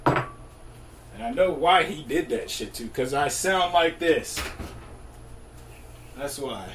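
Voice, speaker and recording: A man's voice: on the high side, animated, slow, background noise. A young man casually telling funny stories, laughing often and acting out the other people's lines. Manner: laid-back, laughs often, swears freely; acts out dialogue in shifting voices. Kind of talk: casual storytelling.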